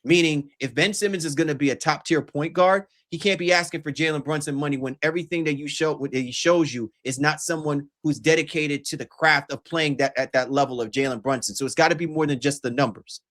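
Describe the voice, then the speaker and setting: A man's voice: on the high side, a little fast, hardly any pauses, fairly bright tone. A man hosting a podcast, making long, emphatic arguments in casual sports chat. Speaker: podcast host.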